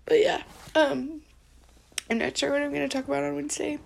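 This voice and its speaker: A tearful woman venting in a personal diary vlog, halting and dropping into near-whispers. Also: sits high, flat delivery, creaky, a little mellow, slight background noise. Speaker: diary vlogger.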